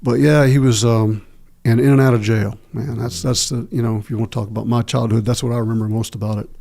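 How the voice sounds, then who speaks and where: A middle-aged man speaks as a podcast guest, his voice gravelly and low-toned with a dark, mellow timbre. He talks in a halting, candid way, breaking off and restarting often as he recalls his past. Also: fairly even intonation. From Texas. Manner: halting, many filler pauses and restarts. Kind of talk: candid interview storytelling.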